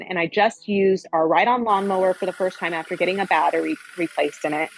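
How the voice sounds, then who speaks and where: A woman's voice: mid-range voice, low-quality recording. A middle-aged woman giving a casual spiritual coaching talk, earnest and repeating phrases for emphasis.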